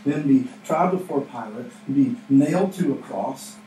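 A man's voice: medium pitch, lively intonation, unhurried, mellow. A man preaching a conversational sermon in a church, often asking "right?" and acting out quotes. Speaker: pastor. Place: church sanctuary. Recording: echoey room, mic at a distance, faint noise.

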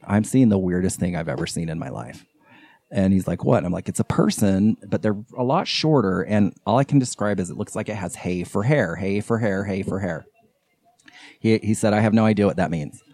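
A low-voiced man telling a tale on a podcast, slipping into the voices of the people in his story. His tone is dark and mellow, and the sound is dry and close. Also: no echo. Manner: animated, acts out quoted voices. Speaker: podcast guest. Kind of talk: casual storytelling.

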